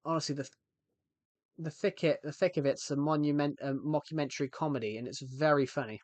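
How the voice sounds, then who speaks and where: Recorded dry, this man speaks briskly in a steady tone with a slightly high voice. He's doing laid-back live-stream chat, full of jokes and tangents, frequently cutting himself off to begin again.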